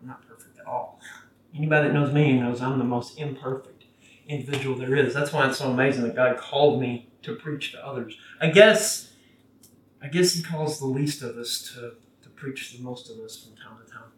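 A preacher giving a casual, conversational sermon that gets animated when quoting scripture. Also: medium pitch, moderate pace, a little hiss or hum. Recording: roomy, from a distance.

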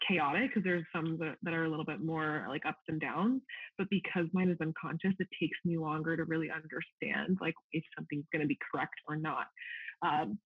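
A man's voice: a little high, breathy edge, no echo. Man on a tinny remote call. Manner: rambling and chatty, laughs often, acts out own inner dialogue. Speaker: guest, reading practitioner and course creator. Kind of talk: casual interview chat. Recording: tinny phone-like call line, dry.

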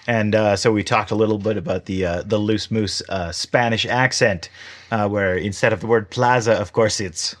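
A man's voice: lowish voice, steady tone, normal speed. Male podcast host, casual and teasing, easygoing interviewer. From Canada. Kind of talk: casual chat.

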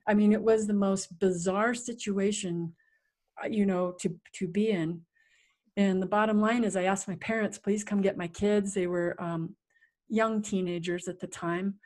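A middle-aged woman, an interview guest, telling a personal story in a vivid, animated way that acts out sounds and quotes. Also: mid-range voice, normal speed.

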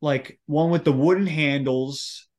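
A man's voice: fairly high pitch, measured pace, darkish tone. A man co-hosting a podcast, rambling in casual chat and searching for his words. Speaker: podcast co-host.

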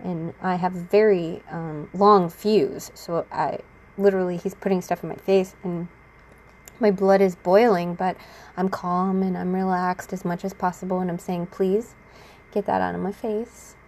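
A woman's voice: fairly low pitch, flat delivery, normal speed, a little mellow. A young adult woman talking casually to the camera about her own experiences, laughing often and acting out what others said. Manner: chatty, laughs often, acts out quotes. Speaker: vlogger sharing personal experience.

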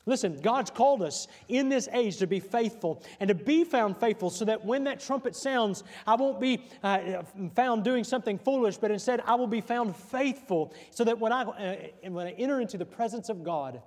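A pastor preaching to his church, a man with a notably high voice. He builds through repeated questions and often lets his phrases sink to a near hush. The sound carries a long reverb from the sanctuary hall. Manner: preaching with pauses and repeated rhetorical questions, voice dropping soft at line ends. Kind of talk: sermon.

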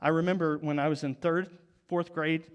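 A man in his forties preaching a sermon, telling stories and dropping to soft, low tones for emphasis. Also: level tone, normal speed. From Oklahoma, US. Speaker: pastor.

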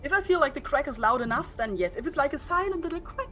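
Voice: high-pitched, expressive, quick pace, pushed and bright. A player in a tabletop game who thinks aloud and weighs each move. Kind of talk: casual tabletop game play.

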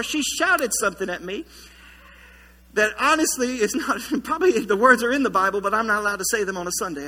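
A man preaching a sermon as pastor in a church, telling a story with lively humor. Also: extremely high pitch, in a large hall. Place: church sanctuary.

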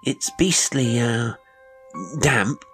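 A man's voice: mid-range voice, extremely slow, fairly bright tone, faint music behind, voice pushed up. A man voicing a half-shy, sly teenage boy who confides hints in slangy, polite talk. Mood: confiding.

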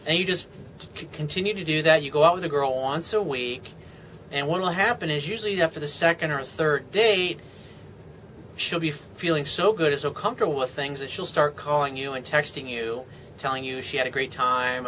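Bright-voiced man giving dating advice. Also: on the high side, moderate pace, slight background noise, rough recording. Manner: confident, chatty, acts out sample dialogue. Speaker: dating coach. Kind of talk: casual advice monologue.

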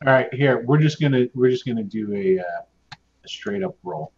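A man's voice: mid-range voice, lively intonation, normal speed, a crowd in the background. A man narrating as game master of a tabletop game, casual and rambling with lots of fillers and restarts. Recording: muffled lo-fi audio with clear background noise.

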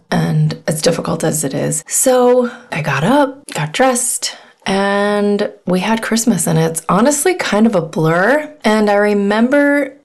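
Middle-aged female podcast host, low and gravelly, candid storyteller who slips into whispers. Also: darkish tone. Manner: candid, chatty, sometimes drops to a whisper. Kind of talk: personal storytelling monologue.

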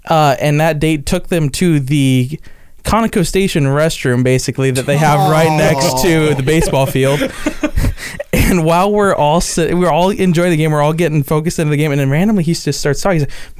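Young man, podcast co-host, animated storyteller, higher voice, smooth and clear. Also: normal speed. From Las Vegas area. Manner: animated storyteller, acts out quoted friends. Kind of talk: casual storytelling chat.

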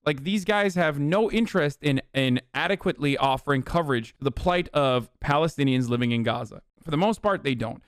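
A man's voice: a little high, brisk, hardly any pauses, smooth, no echo, clean studio sound. Angry, profanity-heavy male streamer. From American South. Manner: profane, angry, incredulous, sudden shouts. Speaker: streamer reacting to a clip. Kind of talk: heated reaction commentary.

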